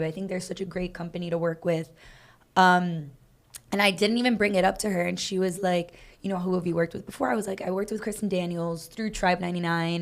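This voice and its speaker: A woman co-hosting a podcast, telling animated stories in casual chat and acting out what people said. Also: mid-range voice. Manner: animated, acts out quoted dialogue, fast bursts. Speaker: podcast co-host, dance team coach.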